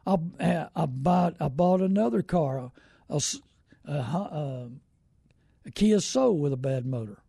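A man's voice: a little high, animated, measured pace, vocal fry, dark tone, slightly rough, dry recording, clean studio sound. A middle-aged man, hosting a car-buying show in a casual, rambling, folksy way and greeting viewers by name. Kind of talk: casual live-stream talk.

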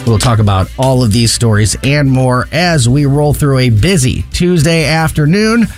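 A man's voice: mid-range voice, moderate pace, faint music behind. A man co-hosting a talk radio show, giving opinionated commentary in an indignant, mocking way.

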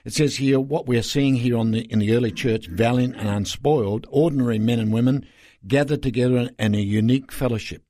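A man's voice: medium pitch, warm tone, no room sound, studio quality. An older man, a pastor telling stories earnestly as an interview guest, rambling with fillers.

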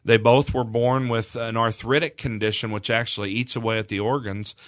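A man's voice: mid-range voice, fairly even intonation, fairly quick, a bit bright, no echo. A man recounting a moving story in a radio studio interview, earnest and emotional, his voice rising at key moments. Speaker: charity representative.

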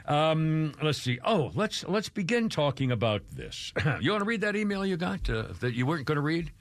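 A man's voice: a little high, sing-song, moderate pace, no room sound. A man in his sixties hosting a talk radio show, blunt and jokey with frequent chuckles. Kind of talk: casual talk radio banter.

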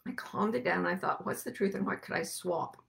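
A woman with a low, gravelly voice gives an unhurried spiritual talk to a group. She speaks softly and thoughtfully, at times dropping into hushed, breathy shushing. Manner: soft-spoken, drops to hushed shushing whispers. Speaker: podcast host and teacher.

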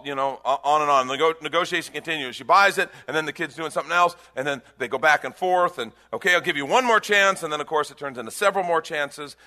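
A man preaching a sermon as pastor, animated, acting out little voices. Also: a little high.

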